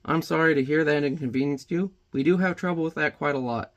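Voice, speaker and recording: A man doing an overly polite male store clerk with a soft, stiffly courteous service voice. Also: on the high side, fast, muffled recording, close to an everyday voice.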